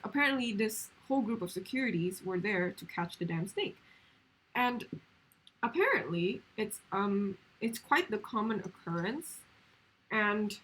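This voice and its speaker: A woman's voice: medium pitch, slightly rough, low-quality recording. A woman streamer telling a story in casual chat, rambling along with lots of fillers.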